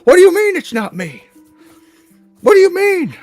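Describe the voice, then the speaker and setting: A man's voice: extremely high pitch, sing-song, moderate pace, darkish tone, soft background music, voice pushed up, full character voice. A man voicing his pet dog as a grumpy, jealous male dog who complains in a whiny, indignant way.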